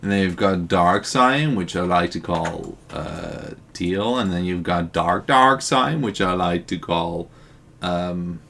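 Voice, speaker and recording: Low slow-talking guy gaming with a friend, dry teasing nitpicks, keyboard clicking faintly behind. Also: creaky, bright, forceful tone, a little hiss or hum. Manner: dry, teasing, pedantic jokes. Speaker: co-op gaming partner. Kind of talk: casual co-op gameplay chat.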